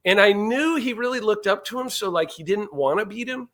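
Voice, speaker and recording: Man, middle-aged, podcast guest, lively storytelling, acts out voices, fairly high pitch. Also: a little fast. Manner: animated storyteller, acts out dialogue. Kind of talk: storytelling in casual interview.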